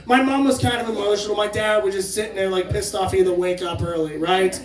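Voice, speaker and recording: Man, stand-up comic, very high voice, brash profane storytelling, loud bursts, roomy live room, audience laughter. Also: steady tone, quick pace, far from the mic. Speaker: stand-up comedian. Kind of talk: stand-up comedy set. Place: crab shack venue with live audience. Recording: roomy live recording from off-mic, crowd laughter.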